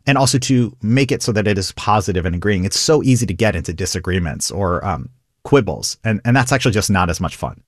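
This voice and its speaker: A man, a comedian, talking through an interview in an animated way, laughing and acting out quoted lines. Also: fairly low pitch, fast, dry recording, studio quality. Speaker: comedian guest. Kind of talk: conversational interview.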